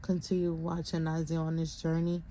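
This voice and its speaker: Woman, young, worn out, near tears, dark mellow tone, faint background noise. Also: low voice, completely flat delivery, normal speed, rough recording. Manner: venting, tired, talks straight to viewers. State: exhausted, close to tears. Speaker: vlogger, parent of a sick child. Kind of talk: emotional vlog update.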